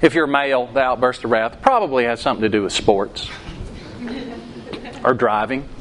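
A man's voice: mid-range voice, lively intonation, normal speed, a bit bright, a little hiss or hum. A man preaching a sermon, quizzing the congregation with questions and acting out quoted outbursts. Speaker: pastor. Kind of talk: interactive sermon.

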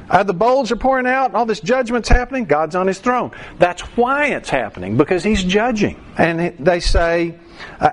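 A man's voice: sits high, normal speed. A man preaching a sermon verse by verse, acting out quoted voices and bursting into song. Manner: animated preacher, acts out voices and sings a line. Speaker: pastor.

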